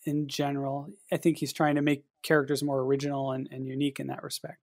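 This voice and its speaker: A man co-hosting a casual writing podcast, talking in a measured, hesitant way with many fillers. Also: mid-range voice, completely flat delivery, darkish tone, no echo, clean studio sound. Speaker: podcast co-host and editor.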